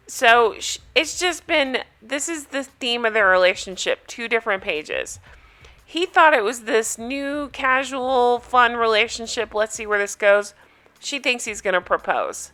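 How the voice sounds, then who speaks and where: A woman's voice: a little high, measured pace, bright, forceful tone. A woman chatting casually with viewers as she recaps a reality show, amused and talkative.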